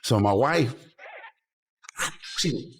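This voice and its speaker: A man casually telling a story as a podcast guest, animated and acting out the lines he quotes. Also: medium pitch, extremely slow, husky.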